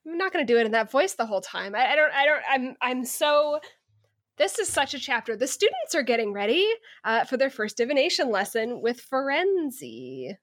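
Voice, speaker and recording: A woman podcast co-host summarizing a book chapter in casual, halting chat. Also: sits high, sing-song, fairly bright tone, no echo, studio quality. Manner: hesitant, lots of restarts.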